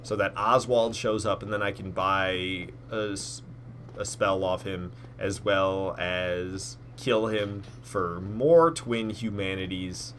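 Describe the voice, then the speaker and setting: A man's voice: low voice, takes it slowly, fairly bright tone, slight background noise. A man giving rambling live commentary as he plays a game, talking to himself and cursing at his own mistakes. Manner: rambling, self-critical, swears when frustrated. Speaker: gameplay streamer.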